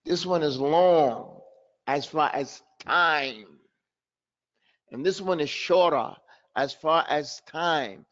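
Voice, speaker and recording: A man teaching Quran pronunciation in an online class, slowly demonstrating sounds and repeating syllables for his students. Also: fairly high pitch, a bit bright, muffled recording. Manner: chuckles at his own trick questions.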